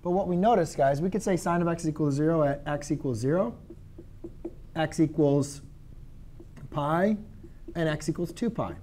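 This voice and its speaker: A man's voice: fairly high pitch, normal speed, long pauses, warm tone, a little hiss or hum. A man teaching a math class in a conversational way. He asks his students questions and corrects his own slips as he goes. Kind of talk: classroom lecture.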